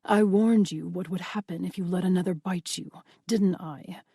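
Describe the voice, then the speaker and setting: A woman voicing a possessive male vampire lord with a silky, quietly threatening manner, in an audiobook. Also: lowish voice, fairly even intonation, normal speed, breathy edge, no room sound, studio quality. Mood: menacing. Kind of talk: audiobook dialogue reading.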